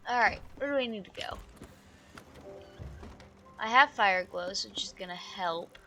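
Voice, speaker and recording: Woman, streamer, casual gameplay commentary, chatty, thinks aloud, jokey, bright voice, faint game music. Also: medium pitch, a little slow.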